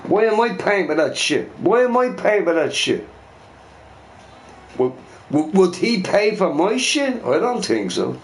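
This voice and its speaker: A man's voice: high-pitched, very animated, a little slow, faint music behind, rough recording. A drunk Irish man with a Dublin accent ranting in a heated, profane monologue and repeating himself. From Ireland.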